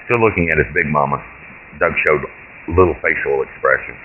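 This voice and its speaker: A man, the author, reading his own short story aloud in plain, measured narration. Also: rumbling low. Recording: tinny phone-like line with hiss.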